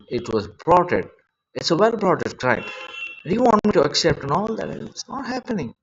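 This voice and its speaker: A man's voice: on the high side, breathy edge, dull audio. Agitated man rambling on a live stream. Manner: rambling, repetitive, agitated and emotional. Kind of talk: unscripted live-stream monologue. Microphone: phone.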